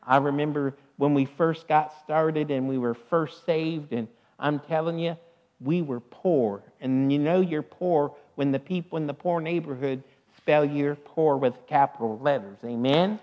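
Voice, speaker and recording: Male pastor, slightly high voice, preaching on giving; dull church PA sound with long reverb. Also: measured pace. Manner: peppers talk with "amen" and "hallelujah". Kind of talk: church announcements and offering sermon. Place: church sanctuary.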